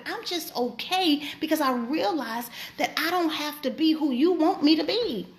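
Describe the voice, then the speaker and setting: A woman, host and preacher, giving a casual faith talk in an emphatic, colloquial way. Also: high voice. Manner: emphatic, colloquial, animated storytelling.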